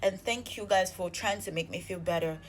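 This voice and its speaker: A woman telling an exasperated storytime vlog, animated and swearing freely. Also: on the low side, a little fast. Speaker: vlogger.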